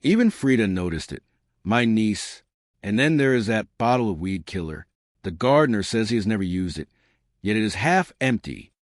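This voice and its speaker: A man's voice: on the low side, big pitch swings, moderate pace, no echo, clean studio sound. Man reading as a frightened, pleading wife. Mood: anxious. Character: frightened middle-aged wife, anxious, indignant. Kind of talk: audiobook reading.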